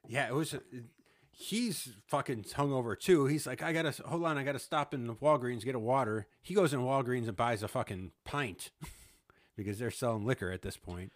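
On his casual podcast, a male host in his thirties recounts a story at an ordinary pace in a medium-pitched voice. Frequent laughter, swearing, and impressions of other people's lines fill the telling.

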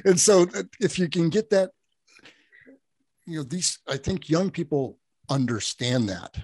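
Animated, dry-voiced middle-aged male storyteller. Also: fairly high pitch, a little slow, breathy edge, dry recording. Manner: animated storyteller who laughs often and acts out quoted speech. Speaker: podcast guest. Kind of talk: casual conversational storytelling.

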